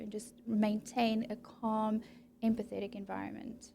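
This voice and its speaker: A woman clinical psychologist explaining her practice in a calm, measured interview manner. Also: fairly high pitch, creaky. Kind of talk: professional interview.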